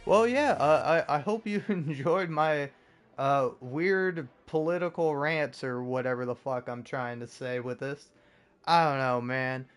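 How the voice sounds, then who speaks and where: A man's voice: medium pitch, unhurried, soft background music. A young man rambling sarcastically over a game, swearing often and stumbling over restarts. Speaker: gaming streamer. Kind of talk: sarcastic rambling commentary while gaming.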